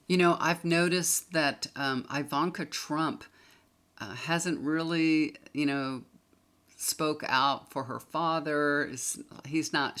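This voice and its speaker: A woman's voice: low voice, fairly bright tone. A woman tarot reader talking casually to a camera, chatty and emphatic, repeating points for stress.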